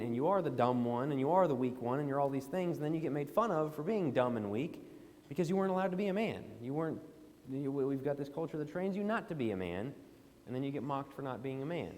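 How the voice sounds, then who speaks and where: A man's voice: medium pitch, darkish tone. A man preaching a sermon in a church auditorium, emphatic and pressing indignant questions. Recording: long hall reverb.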